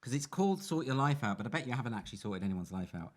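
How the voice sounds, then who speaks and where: Male author guest, dry wit, fast talker with a lively voice. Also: medium pitch. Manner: dry, wry wit with animated delivery. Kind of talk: casual comedic chat.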